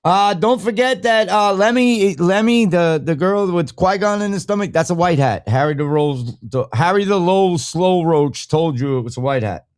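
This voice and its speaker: A man's voice: high-pitched, normal speed, few pauses. A man hosting a podcast, reacting to clips in a blunt, rambling, profane way and laughing at his own jokes. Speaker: podcast host. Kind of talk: casual reaction commentary.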